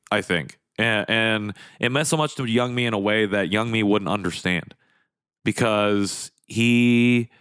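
A man's voice: fairly low pitch, fairly bright tone, clean tone, dry recording, studio quality. A young man hosting a solo podcast, talking in a candid, rambling way about his week. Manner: candid, rambling, emotional at times. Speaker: podcast host.

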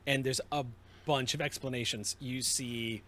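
A man running a tabletop game as game master, narrating scenes in an unhurried, descriptive way with small restarts. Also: mid-range voice, steady tone, bright, forceful tone, a little hiss or hum.

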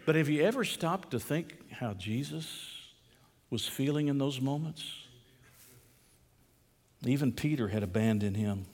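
A man's voice: medium pitch, animated, a little slow, long pauses. Preaching man in a reverberant hall. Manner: preaching with dramatic swings between hushed and raised delivery. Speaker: pastor. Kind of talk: sermon.

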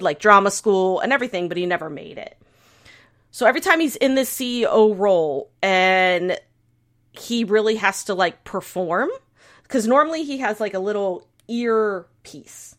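A woman co-hosting a podcast, chatting casually as she retells a drama's plot in a rambling, animated way. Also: lowish voice. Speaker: podcast co-host. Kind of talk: casual chat, recapping a drama.

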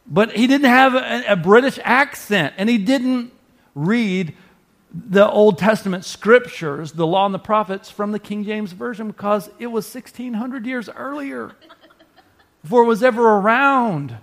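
A man's voice: high voice, measured pace, gravelly, a bit bright. A man preaching a sermon to his congregation in a conversational, earnest way. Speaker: pastor.

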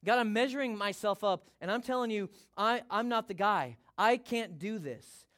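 A man's voice: sits high, sing-song, fast. A man playing anxious, doubting Moses. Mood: insecure. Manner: hesitant and pleading. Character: insecure, doubting older man called to lead.

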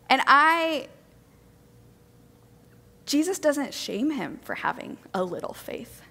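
A woman preaching a sermon to a congregation, gentle, earnest and reflective. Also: high voice, sing-song, slow, gravelly, pauses often, in a large hall.

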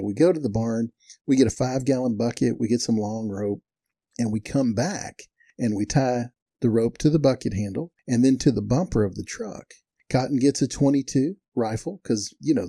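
A man's voice: medium pitch, husky, no echo, studio quality. Folksy older man telling ranch stories. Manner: folksy, chuckling, animated in quoted dialogue. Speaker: storyteller. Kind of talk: casual storytelling.

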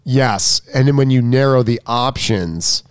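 A coach in a casual discussion, a man who interjects quickly and thinks out loud. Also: medium pitch, clean tone, no room sound, studio quality.

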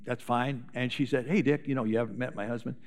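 A man's voice: mid-range voice, fairly even intonation, fast. Older man preaching in a reverberant church. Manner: folksy storytelling with anecdotes. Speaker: retired pastor, guest preacher. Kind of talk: sermon. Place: church sanctuary.

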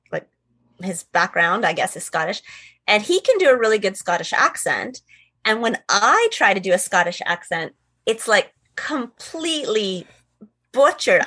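A woman's voice: medium pitch, sharp tone, slightly rough. A woman with a Canadian accent, a guest on a movie podcast, rambling through stories with giggles. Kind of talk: casual chat.

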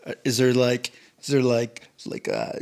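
A man's voice: medium pitch, huge pitch swings, moderate pace, vocal fry, darkish tone. A young man co-hosting a podcast, teasing his friend in casual chat, often stammering and repeating words. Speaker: podcast co-host.

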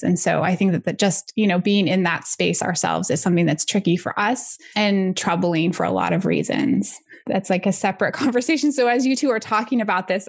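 Co-host, woman, lower voice, reflective and measured, conversational podcast read.

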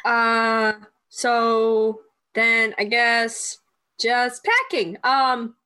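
A woman playing her character in a tabletop game, speaking haltingly with pauses and fillers. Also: a little high, pushed and bright, clear, resonant tone, low-quality recording. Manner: halting, hesitant. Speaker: player.

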